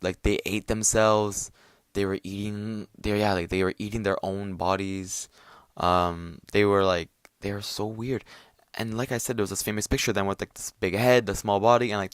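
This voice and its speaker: A young man rambles through a casual solo chat, full of fillers and swearing. His voice sits on the low side. The sound is dry and close. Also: a bit bright, no echo. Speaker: podcast host.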